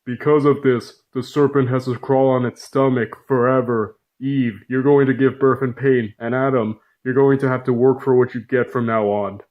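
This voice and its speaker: A man's voice: medium pitch, fairly even intonation, moderate pace, hardly any pauses, narrow, tinny audio, lightly acted. A man voicing God as a laid-back buddy who talks in casual slang. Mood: stern.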